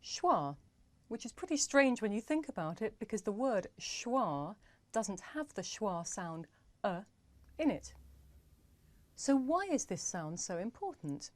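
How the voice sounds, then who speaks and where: A young woman presenting a pronunciation lesson with a clear, deliberate, playful delivery. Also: mid-range voice, big pitch swings, dry recording. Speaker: English pronunciation teacher.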